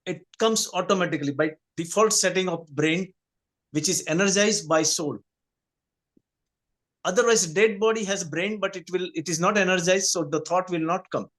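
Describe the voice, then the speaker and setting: A man on an online group call, giving a halting answer and searching for words. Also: sits high, a bit bright. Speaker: participant on the call. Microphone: video call.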